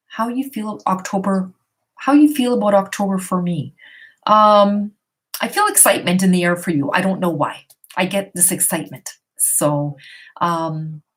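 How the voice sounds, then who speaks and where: A middle-aged woman at home giving tarot readings to viewers on a live stream, reading their questions aloud and answering in a chatty, reassuring way. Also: mid-range voice. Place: her home. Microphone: computer or phone on a live stream.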